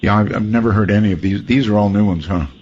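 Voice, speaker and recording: A man's voice: lowish voice, quick pace, darkish tone. Wry man on a dull lo-fi line. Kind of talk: casual on-air conversation. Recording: dull, lo-fi line with faint hiss.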